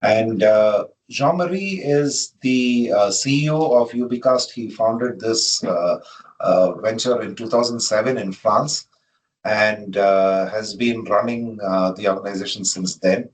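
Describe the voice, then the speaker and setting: A man introducing a webinar as host, speaking slowly with many fillers. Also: on the low side, poor audio. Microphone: video call.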